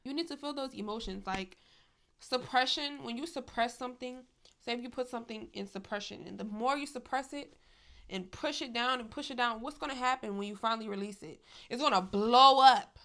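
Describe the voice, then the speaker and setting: A woman's voice: fairly high pitch, fairly quick, sharp tone. A young adult woman talking candidly to her viewers in a casual vlog, emphatic and chatty, saying "y'all" and "like" often. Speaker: vlogger.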